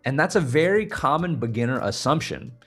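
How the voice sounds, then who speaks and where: A man with a slightly husky voice coaching beginners through scream technique, his pitch moving up and down as he explains. He lays out each point plainly in a lesson over faint music in the background. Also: lively intonation, a little fast, a bit bright. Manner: explains clearly, breaks into short scream demonstrations. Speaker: vocal coach. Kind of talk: instructional video lesson.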